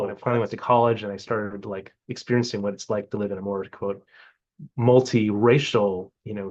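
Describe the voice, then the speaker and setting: A man in his fifties from Hawaii, speaking in a casual, reflective interview and often restarting his sentences. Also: fairly low pitch. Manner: hesitant, many restarts and fillers. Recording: muffled lo-fi recording.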